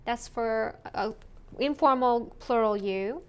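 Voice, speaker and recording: A woman teaching a recorded language lesson, slowly modeling words for students to repeat. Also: on the high side, clean tone. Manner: slow and deliberate, models words for repetition. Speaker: Spanish teacher.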